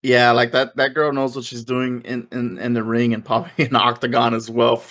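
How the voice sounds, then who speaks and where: A man co-hosting a podcast, chatting casually and rambling excitedly, with the odd curse. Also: mid-range voice, fairly quick. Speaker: podcast co-host. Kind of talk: casual wrestling podcast chat.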